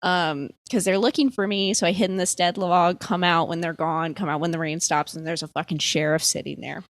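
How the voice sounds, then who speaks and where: A woman's voice: on the low side, steady tone, fairly quick, no echo. A young woman from the East Coast telling a dream story in casual podcast chat, full of "like" and freely swearing. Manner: rambling, filler-heavy, swears freely. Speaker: podcast guest.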